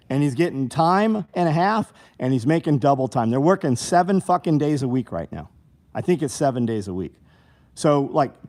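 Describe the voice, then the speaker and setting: A man's voice: on the high side, a little mellow. Blunt, profane man on a livestream. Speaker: livestream host. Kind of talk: casual livestream chat reading viewer comments.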